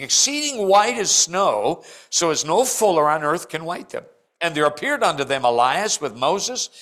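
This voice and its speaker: An older man preaching a sermon in church, telling stories and acting out the people he quotes with big jumps in his voice. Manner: animated storytelling, acts out quotes with big pitch jumps.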